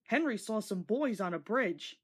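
A woman narrating a storybook read-along, gentle and expressive with a breathy voice. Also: medium pitch, unhurried.

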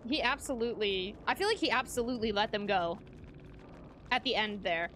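A woman's voice: medium pitch, expressive, brisk, a bit bright, a little hiss or hum. A young woman live-streaming a game, chatting casually, giggling and greeting her chat.

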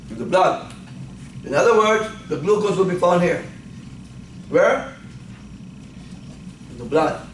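A male instructor giving a classroom lecture. He keeps asking the class questions and then answering them himself. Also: sits high. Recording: echoey classroom, faint background noise.

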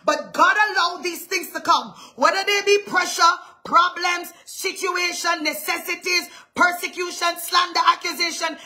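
A woman pastor delivers a livestreamed sermon in a high, ringing voice. She is loud and often shouting, pressing each point with emphatic call-outs. Her tone is bright and forceful, and her throat sounds strained from the yelling. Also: normal speed, hardly any pauses.

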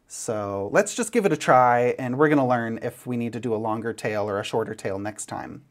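A man's voice: medium pitch, moderate pace. A man giving a step-by-step knitting tutorial, chatty and playful as he demonstrates each move. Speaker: knitting instructor.

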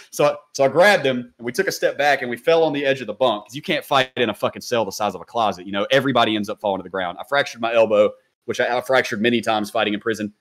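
A man telling a story as a podcast guest in a casual, animated way, swearing freely and talking in slang. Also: medium pitch, fast.

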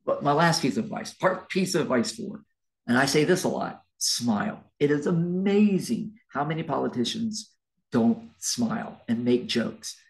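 A male history lecturer talks through a recorded class in a loose, conversational way. He rambles a bit, restarts his sentences and drops in fillers. His voice carries a gravelly edge at a middle pitch. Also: expressive, moderate pace, poor audio.

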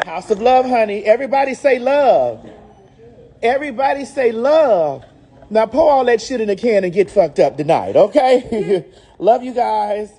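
A woman with a Southern US accent, a brand ambassador filming a promotional vlog, flamboyant and sassy, calling everyone honey and baby. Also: medium pitch. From Southern United States. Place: out and about on city streets and in a liquor store.

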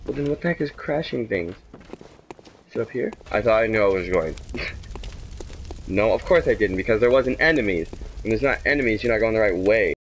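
Young male gamer, frustrated running commentary, animated delivery, slight noise in the recording. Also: fairly low pitch, a little fast, pauses often. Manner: exasperated, talks to the game, swings from mutters to shouts. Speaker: gameplay commentator. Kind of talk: let's play commentary.

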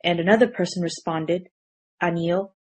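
A woman teaching a language grammar lesson in scripted narration, explaining clearly and reading out example sentences in a measured way. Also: lowish voice.

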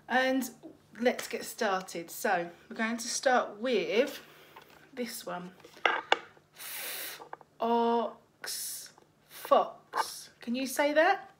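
A woman teaches phonics to young children and stretches each sound out for them. Her voice sits a little high, and she takes her time with every word. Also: slight background noise. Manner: slow, encouraging, sounds out letters.

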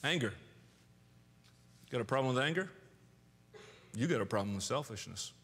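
A man preaching a sermon in a church, animated, acting out angry outbursts and often restarting his words. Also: medium pitch, moderate pace. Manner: animated, acts out angry quotes with sudden loud outbursts; frequent restarts and repeated words. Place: church sanctuary. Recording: long church reverb.

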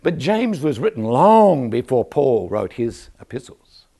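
An older man preaching a lively church sermon, joking and calling out for amens from the congregation. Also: mid-range voice, unhurried, vocal fry. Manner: animated, joking, calls for amens from the crowd. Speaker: guest preacher. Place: church service.

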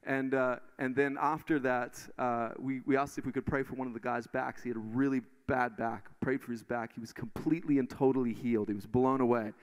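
A man preaching in church and telling testimonies in an animated way, full of restarts. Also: medium pitch, brisk, hardly any pauses, clean tone. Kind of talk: sermon testimony. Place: church stage.

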